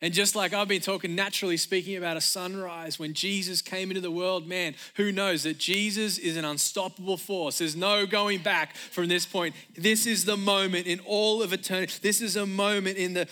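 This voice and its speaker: A man preaching a sermon as pastor, emphatic and energetic, returning again and again to a repeated refrain. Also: high voice, normal speed, hardly any pauses.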